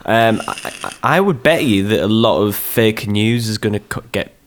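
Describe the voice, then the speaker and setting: A man in casual chat, talking haltingly with many restarts. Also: fairly low pitch, animated, slight background noise.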